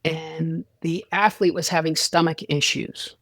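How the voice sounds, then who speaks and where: A man's voice: a little high, flat delivery, a little slow, fairly bright tone, no room sound, studio quality. A man, a sports psychologist, talking as a guest in a casual interview, rambling with restarts and acting out quoted dialogue.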